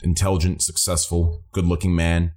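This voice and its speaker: A man's voice: low-pitched, flat delivery, moderate pace. A man hosting a podcast over a video call, introducing guests in a loose, joking way. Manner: loose and joking, warm greetings. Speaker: podcast host. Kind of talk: casual chat on a charity stream.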